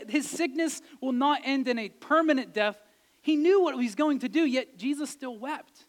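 A man preaching a sermon, earnestly retelling a scripture story, building to emphatic peaks and then dropping to a soft, quiet delivery. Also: high-pitched.

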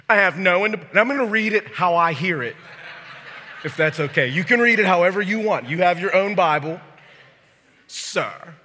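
Sharp-voiced man preaching in echoing hall. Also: high-pitched. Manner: lively, joking, talks straight to the crowd. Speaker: pastor. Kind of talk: sermon. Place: church sanctuary. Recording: long hall reverb.

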